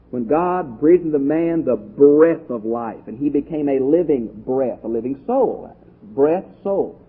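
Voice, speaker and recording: Husky-voiced man teaching Bible study. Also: a little high. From Texas. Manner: lively, conversational, asks the class questions. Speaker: pastor teacher. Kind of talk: Bible study lecture to a live class. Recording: tinny lo-fi phone-like audio.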